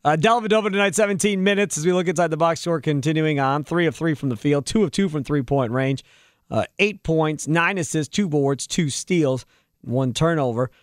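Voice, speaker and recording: A man's voice: on the high side, moderate pace, no room sound, clean studio sound. A man hosting postgame sports talk radio, breaking down the box score and ranting about roster moves. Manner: animated, heated rants.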